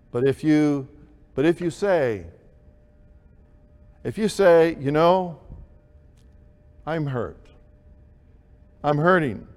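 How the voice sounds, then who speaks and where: Slow-speaking preacher in a reverberant hall. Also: male voice, mid-range voice, darkish tone. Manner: slow, deliberate preaching with emphatic rises. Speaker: pastor. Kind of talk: sermon.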